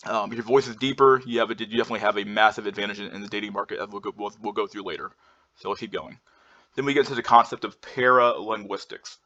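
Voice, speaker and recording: A man's voice: lowish voice, fast, pushed and bright. A man presenting slides in a casual lecture, rambling with many fillers and restarts and blunt swearing. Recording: dull lo-fi recording.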